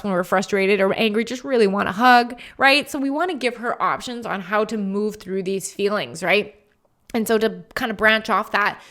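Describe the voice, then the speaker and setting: A woman's voice: a little high, a bit bright. A woman in her thirties hosting a solo podcast, talking earnestly and encouragingly, with frequent "like" and "right?". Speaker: podcast host.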